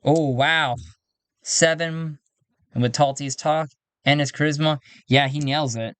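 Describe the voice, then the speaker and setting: A man's voice: fairly high pitch, fairly even intonation, a little slow, fairly bright tone, no echo. Man narrating a solo role-play game. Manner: rambling, self-mocking asides.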